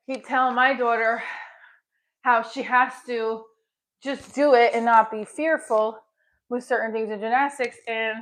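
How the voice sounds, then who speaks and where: A woman's voice: on the high side, takes it slowly, pauses often, a bit bright. A middle-aged woman hosting a casual livestream, chatting while she exercises, with small effortful grunts. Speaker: livestream host.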